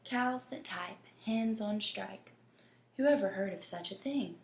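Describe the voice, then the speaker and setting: A woman's voice: medium pitch, slow pace, roomy sound. A woman voicing an exasperated grown male farmer in a children's storybook, exclaiming indignantly.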